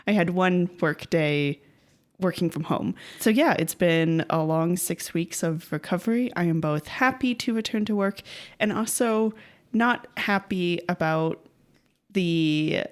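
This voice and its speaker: A woman co-hosts a podcast in loose, casual chat. Her voice sits a little low, and she laughs easily and often, with plenty of fillers between her thoughts. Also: takes it slowly. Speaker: podcast co-host.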